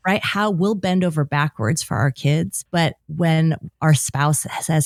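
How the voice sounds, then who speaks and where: A middle-aged woman, a guest author in a casual interview, talking lively and acting out quotes in a higher voice. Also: a little slow, hardly any pauses, dry recording, clean studio sound.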